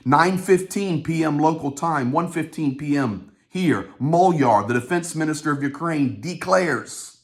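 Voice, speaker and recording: Animated male news commentator. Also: measured pace, few pauses. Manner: animated, swings up in pitch for quotes; informal, talks to his audience. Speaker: host.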